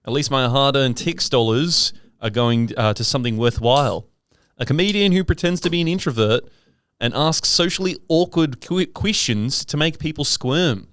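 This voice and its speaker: A man's voice: medium pitch, moderate pace, fairly bright tone, clean tone, no echo, studio quality, natural voice. A man voicing a middle-aged listener's dad with a New Zealand accent, reading a review aloud in a mock-formal way. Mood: wry.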